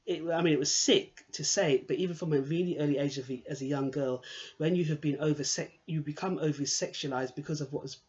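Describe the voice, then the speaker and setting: A woman's voice: low voice, fast, a little mellow. Rambling candid woman, muffled recording. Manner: rambling, candid, digressive with many restarts. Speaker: monologue performer. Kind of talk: improvised personal monologue. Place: indoors, sitting on a swivel chair.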